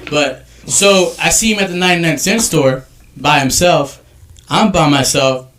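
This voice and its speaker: A man telling stories as a photographer guest on a casual podcast, talking in a profane, animated way. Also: on the high side, moderate pace, far from the mic.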